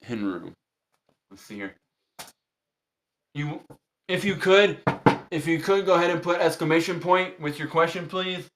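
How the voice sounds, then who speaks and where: A man's voice: fairly high pitch, expressive, a little slow, pauses often, heavy background noise. A man hosting a tarot livestream, chatting casually with viewers and repeating firm, polite instructions to his chat. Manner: polite but strict.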